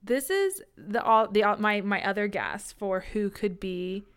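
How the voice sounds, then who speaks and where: A woman co-hosting a book podcast in casual chat, sarcastic and quick to laugh as she retells the plot. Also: medium pitch, expressive, clean tone. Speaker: podcast co-host.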